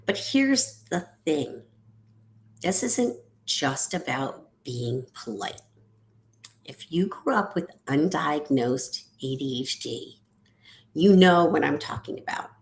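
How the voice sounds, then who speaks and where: A middle-aged woman coaching on a podcast, her voice low for a woman yet swinging widely in pitch. She talks unhurriedly, rising into high lifts and sinking to near whispers. The monologue feels reflective and personal. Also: slow pace. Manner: lively, sing-song delivery with sudden high lifts and drops to near whisper. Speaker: ADHD coach.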